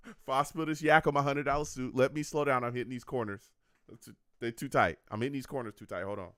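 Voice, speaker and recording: Animated, excitable man reacting live. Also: medium pitch, fairly quick, smooth, dry recording, studio quality. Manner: excitable, laughing, slangy banter. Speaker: sports reaction streamer. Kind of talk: live draft reaction stream.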